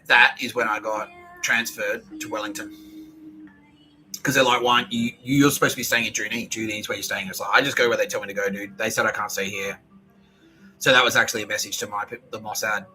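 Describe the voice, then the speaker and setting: A man's voice: lowish voice, sharp tone, poor audio. A man podcasting alone in a rambling, profane monologue that often restarts its sentences.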